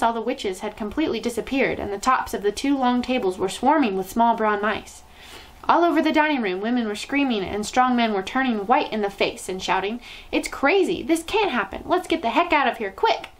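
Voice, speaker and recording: A woman storyteller reading a children's novel aloud in an expressive, lively way. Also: a little high, low-quality recording.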